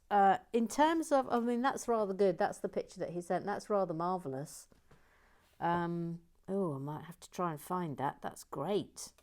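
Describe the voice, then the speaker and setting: Soft-spoken woman hosting a livestream. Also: fairly low pitch. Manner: soft and rambling, often dropping to a murmur, with frequent restarts. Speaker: livestream host building LEGO sets. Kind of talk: casual livestream chat while building.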